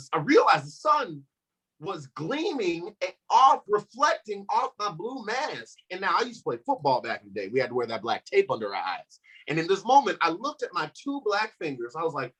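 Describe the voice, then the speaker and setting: A man's voice: fairly high pitch, normal speed, breathy edge. A young man doing a stand-up comedy set, telling stories and acting out the people in them. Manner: animated storytelling, acts out quoted voices.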